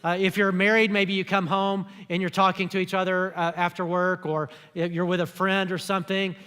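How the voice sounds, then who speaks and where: Pastor, man, high voice, easygoing sermon style, big church reverb. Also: little pitch movement, fairly quick, a bit bright, clean tone. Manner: conversational preaching, acts out quoted speech. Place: church auditorium.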